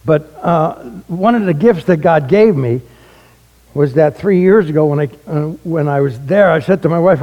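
A man, a retired pastor telling a personal testimony, animated and acting out the dialogue in his story. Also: a little high, normal speed, muffled recording. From the Bronx, New York. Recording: echoey hall.

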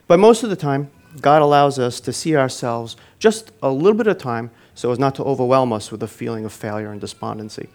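A man preaching a sermon, telling a personal story in an earnest way, with phrases that swell and then fall quiet at the end. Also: medium pitch.

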